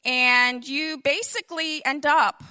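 A woman in her fifties telling a comic personal story with animated, vivid asides. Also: high voice, slow.

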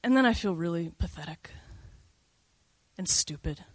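A woman's voice: lowish voice, animated, moderate pace, dry recording. A middle-aged woman telling a first-person story in a candid, conversational way, full of "like" and "you know".

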